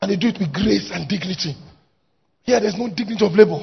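Gravelly high-voiced preacher man. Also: fast talker. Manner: emphatic, swings from shouted exhortation to quiet asides. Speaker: pastor. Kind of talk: sermon. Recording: dull lo-fi recording.

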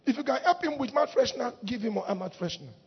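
A woman preaching a lively sermon in church, laughing often and breaking into shouts. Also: fairly high pitch, fast, breathy edge. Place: church hall. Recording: muffled recording in a reverberant hall.

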